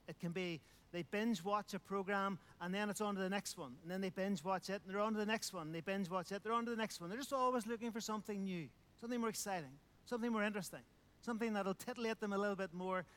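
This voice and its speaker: A man's voice: high voice, fast, fairly bright tone, clear, resonant tone. A man preaching a sermon, emphatic, repeating phrases and asking rhetorical questions.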